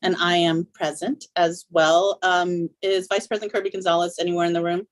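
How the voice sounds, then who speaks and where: A woman's voice: fairly low pitch, little pitch movement, a little fast. A woman presiding as school board president, reading procedural items with frequent ums. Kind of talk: chairing a public meeting.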